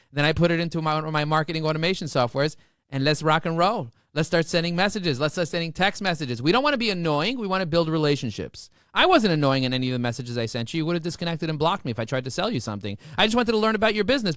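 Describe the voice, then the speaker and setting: A business guest on a podcast interview tells stories with excitable enthusiasm. His voice sits on the high side, and the studio-quality recording has no echo.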